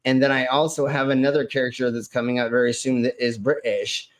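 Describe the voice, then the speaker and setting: A man's voice: medium pitch, little pitch movement, a little fast. A man hosting a casual stream, joking around and rambling with frequent restarts. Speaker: stream host. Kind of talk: casual drinking-stream chat.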